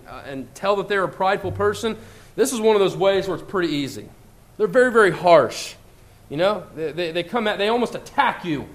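Man, sermon, high voice, earnest and emphatic, slow deliberate scripture reading. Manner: pitch jumps sharply when voicing others' words. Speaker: preacher leading a church lesson.

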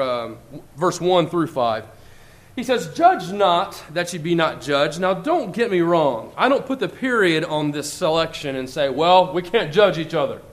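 A man preaching a church lesson, earnest and emphatic, reading scripture slowly and deliberately and jumping up in pitch when he voices other people's words. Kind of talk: sermon.

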